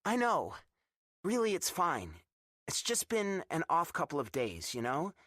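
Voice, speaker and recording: A man's voice: on the high side, huge pitch swings, measured pace, a bit bright, no echo, clean studio sound, voice pushed up, heavily acted. A male audiobook narrator voicing a jealous, frank young woman in a romance audiobook.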